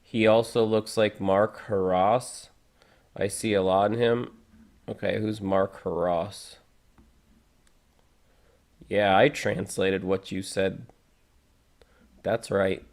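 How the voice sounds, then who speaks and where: A man hosts a casual live reaction stream, his voice sitting a bit low. He chats loosely and reads the viewers' comments out loud between thoughts. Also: little pitch movement, takes it slowly, long pauses.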